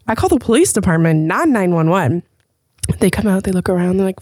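A woman hosting her own podcast, talking casually and telling stories with lively, profane chatter. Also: medium pitch, a little fast, dry recording, clean studio sound. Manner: chatty, swears freely, animated storytelling. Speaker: podcast host. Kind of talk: casual chat.

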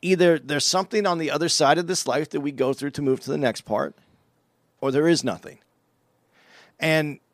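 A man co-hosting a podcast, talking in a measured way and weighing both sides of the argument. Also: fairly high pitch, dry recording, clean studio sound. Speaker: podcast co-host. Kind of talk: podcast discussion.

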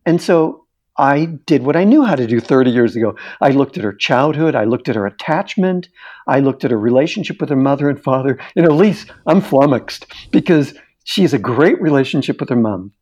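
A man's voice: medium pitch, animated, fairly quick, a little mellow, muffled recording. A middle-aged man, a therapist and interview guest, animatedly telling a case story and acting out the dialogue.

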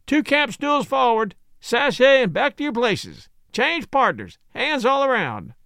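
A pert, quick-witted young woman, as a male reader puts her on, lifted into a higher, bright register. She sounds brisk and bold in this storybook scene. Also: big pitch swings, gravelly, no room sound, studio quality, exaggerated voice. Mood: lively.

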